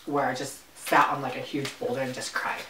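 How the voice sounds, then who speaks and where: A woman's voice: extremely low pitch, fairly even intonation, fairly quick, sharp tone. A young woman hosting a casual mukbang chat, telling travel stories with lots of fillers while she eats. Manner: chatty, eating while talking, filler-heavy storytelling. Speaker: vlogger host. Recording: echoey room, mic at a distance.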